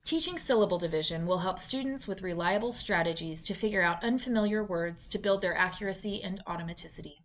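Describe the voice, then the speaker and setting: A woman giving scripted instructional narration for a reading lesson, in a clear, measured, deliberate teaching delivery. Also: lowish voice, a bit bright. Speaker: literacy instructor.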